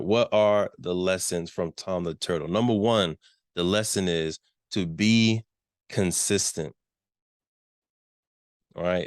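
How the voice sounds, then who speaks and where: A man's voice: deep voice, no echo, clean studio sound. A man giving a business workshop talk, emphatic, repeating key questions and checking in with his listeners. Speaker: workshop presenter.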